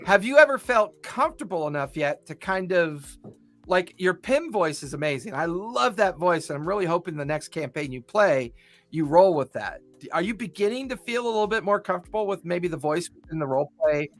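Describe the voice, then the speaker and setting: A man's voice: high-pitched, expressive, brisk. A man hosting a podcast, rambling enthusiastically as he asks questions in casual chat. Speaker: podcast host.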